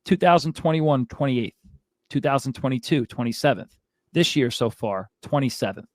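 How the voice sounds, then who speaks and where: A man's voice: medium pitch, animated, moderate pace, dry recording, studio quality. A man hosting a fantasy football show, ranting in an exasperated, casual way. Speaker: fantasy football podcast host. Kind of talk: casual sports commentary.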